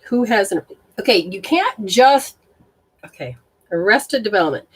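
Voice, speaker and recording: A woman's voice: medium pitch, expressive, a little slow, slightly rough. A woman hosting a live stream as a spiritual reader, talking casually and bluntly with viewers, swearing and exclaiming as she goes. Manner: blunt and exclamatory, swearing, reacting aloud to sensations.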